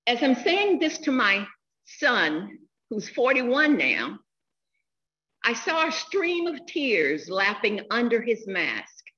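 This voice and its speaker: A woman in her sixties giving a funeral eulogy, telling stories in a slow, heartfelt way. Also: fairly high pitch, sing-song, pushed and bright, highs cut off. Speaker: eulogy speaker.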